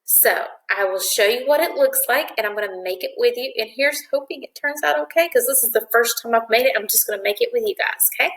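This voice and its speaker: A woman's voice: on the high side, a little fast, hardly any pauses, a bit bright. Echoey-voiced woman teacher guiding small children. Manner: patient, clear step-by-step instructions. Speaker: first-grade teacher. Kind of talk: video craft lesson for young children. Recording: echoey room.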